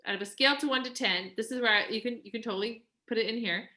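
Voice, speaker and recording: A woman's voice: a little high, fast talker, sharp tone. A woman life coach talking casually to a live coaching group. She is chatty, says "like" often and acts out quoted voices.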